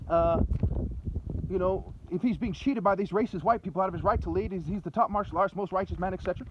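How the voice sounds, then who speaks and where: A man vlogging while walking around, recounting an argument in an agitated, repetitive way. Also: sits high. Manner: agitated, repetitive, fast and intense. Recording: dull lo-fi recording with faint noise.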